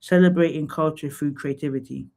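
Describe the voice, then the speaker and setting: A man hosts a casual live stream, talking straight to his viewers and giving frank feedback. His voice sits a touch higher than most men's. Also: steady tone, a little fast, gravelly, darkish tone. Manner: chatty, candid, talks to viewers by name; drops into sung snatches and playful asides. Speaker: live stream host reviewing profiles.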